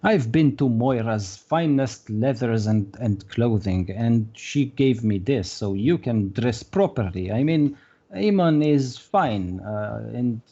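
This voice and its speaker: A man's voice: mid-range voice, lively intonation, slow, warm tone, muffled recording. A man voicing a short, fussy male shopkeeper who frantically repeats "oi" and hurries people inside.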